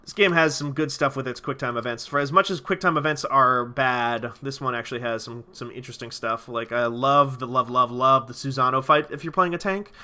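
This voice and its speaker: A male streamer talking over his gameplay in loose, rambling commentary. His tone is bright and forward, and he swears freely while he enthuses about the game. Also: medium pitch, a little fast, few pauses.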